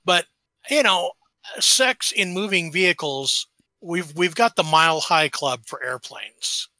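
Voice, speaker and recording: A man's voice: on the high side, expressive, unhurried, sharp tone, no room sound. A man co-hosting a casual podcast, joking around and telling rambling stories. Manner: jokey, tells rambling anecdotes. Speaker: podcast co-host. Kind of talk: casual chat.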